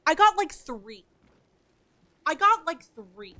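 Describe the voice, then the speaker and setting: A young woman livestreaming a game, excitable and foul-mouthed as she chats with her viewers. Her voice is high and bright, with a quick, bouncy delivery. She keeps the talk loose and casual. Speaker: streamer.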